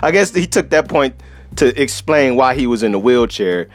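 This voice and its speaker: A man's voice: mid-range voice, expressive, normal speed. A man hosting a solo podcast, telling a travel story in a profane, laughing, casual way. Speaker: podcast host.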